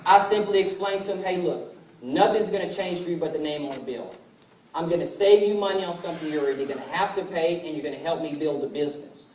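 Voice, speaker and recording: High-voiced young man presenting in an echoey hall. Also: fast, darkish tone, slight background noise. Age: 20s. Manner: storytelling that acts out family dialogue. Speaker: sales presenter. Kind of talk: motivational business presentation. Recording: echoey hall from far off, faint ambience.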